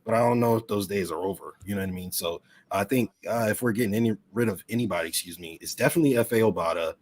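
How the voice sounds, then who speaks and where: A man's voice: fairly low pitch, racing, a little mellow. A man on a video call as a podcast guest, talking in rambling, emphatic casual chat. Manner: rambling, emphatic sports-fan talk.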